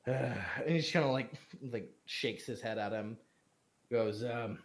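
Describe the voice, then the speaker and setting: A man's voice: medium pitch, a little slow. A man running a tabletop game as game master, narrating casually with many fillers.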